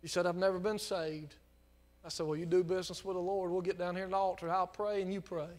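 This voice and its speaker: A male pastor preaching a sermon, moving between quiet storytelling and impassioned, near-shouted exhortation. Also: high voice, flat delivery, quick pace.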